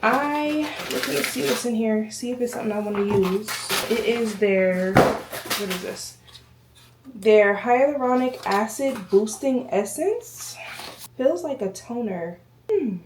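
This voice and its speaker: A woman's voice: on the high side, lively intonation, slow, noisy background. A woman vlogger chatting casually to camera at home, slightly out of breath, rambling and addressing viewers as y'all. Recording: echoey room, voice from a distance.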